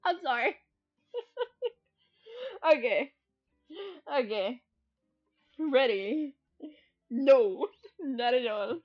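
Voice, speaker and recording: A woman's voice: fairly high pitch, animated, drawn-out words, long pauses, muffled recording. A sleep-deprived woman streaming, chatting casually between guitar practice, giggling, swearing and poking fun at herself. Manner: giggly, swears a lot, self-mocking.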